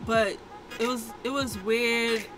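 A woman's voice: fairly high pitch, steady tone, slow pace, noisy background. A woman co-hosting a reaction video, recapping an episode in casual, slangy chat.

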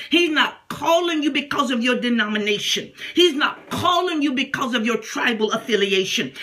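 A woman preaching a sermon with fervent intensity, mixing folksy asides with bursts of praying in tongues and raised, shouted lines. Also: high-pitched.

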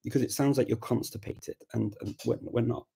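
A man's voice: medium pitch, steady tone, fairly quick, vocal fry, husky. A man hosting a casual live chat on language learning, explaining ideas thoughtfully and reading out viewer comments as he answers them. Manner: thoughtful and explanatory, reads out comments and reacts warmly.

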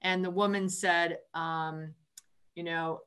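Woman, bright voice, chatty, book club host on a call. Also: mid-range voice, measured pace. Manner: chatty, retells conversations with restarts. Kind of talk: casual group call discussion.

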